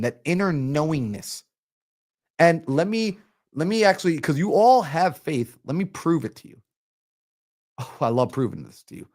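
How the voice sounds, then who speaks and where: A man coaching on a live stream, energetic and preachy, acting out little everyday scenes. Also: a little high. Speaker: mindset coach. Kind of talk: motivational live-stream talk.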